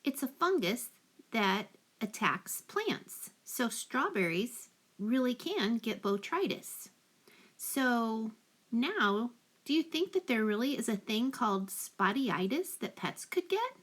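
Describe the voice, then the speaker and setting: Woman reading a storybook, lively and slow. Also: a little high. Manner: rhythmic, questions the listener. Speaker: reader. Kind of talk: reading a picture book aloud to children. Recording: roomy echo.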